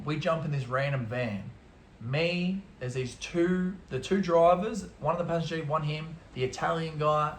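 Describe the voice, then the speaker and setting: An Australian man vlogging an animated travel story in laid-back slang, swearing freely. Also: on the high side, slight background noise. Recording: roomy echo.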